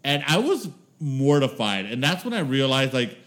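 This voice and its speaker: Male podcast co-host, 40s, lively storyteller, swears and laughs a lot, up-and-down delivery. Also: medium pitch, moderate pace. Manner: animated storytelling, laughs often, swears freely. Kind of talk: casual chat.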